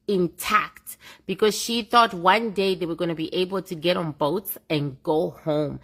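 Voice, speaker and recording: Low, creaky-voiced woman musing. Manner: musing, drawn-out, fading to quiet. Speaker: reaction video co-host. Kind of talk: casual chat.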